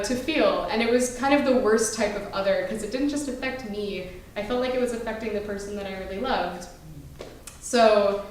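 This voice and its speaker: A woman telling a true story on a small theater stage, wry, self-mocking and profane. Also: mid-range voice. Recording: echoey room recording from far off, with noise. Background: audience laughter.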